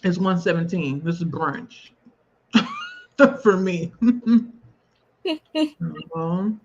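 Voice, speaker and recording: A woman's voice: on the low side, animated, drawn-out words, a little mellow, breathy edge, lo-fi sound. A woman hosting a casual livestream, chatting loosely and laughing often as she talks to a guest. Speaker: livestream host. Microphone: video call.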